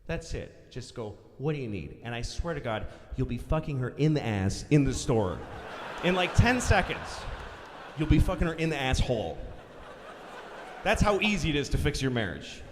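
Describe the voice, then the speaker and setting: A man's voice: mid-range voice, very animated, moderate pace, slight background noise. A man doing crude, exasperated stand-up comedy on a large concert hall stage. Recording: live concert hall recording.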